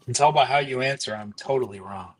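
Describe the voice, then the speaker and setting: A man's voice: medium pitch, a little fast, background noise. A man giving short, laid-back answers as a guest in a casual chat. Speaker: guest taster.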